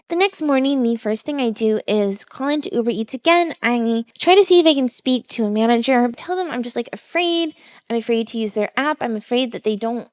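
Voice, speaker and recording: High-voiced woman telling a storytime. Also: no room sound. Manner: animated, expressive retelling with quoted dialogue. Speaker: VTuber storyteller. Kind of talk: casual storytime narration.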